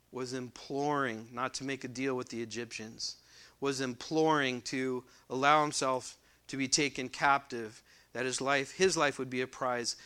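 A man preaching a sermon as pastor. He reads scripture loudly and slowly, then explains it in quick, conversational asides and asks the congregation questions. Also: medium pitch, clear, resonant tone. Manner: addresses the congregation directly with questions. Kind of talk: expository sermon.

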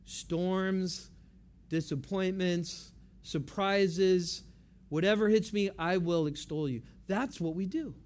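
In a high, slightly mellow voice, a pastor preaches slowly and easygoingly to his congregation, repeating key phrases for emphasis.

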